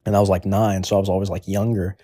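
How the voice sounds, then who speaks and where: A man's voice: sits low, little pitch movement, quick pace, mellow, dry recording, studio quality. A man in his twenties delivering a crude comedic monologue in a rambling, offhand way. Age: 20s. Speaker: comedic storyteller.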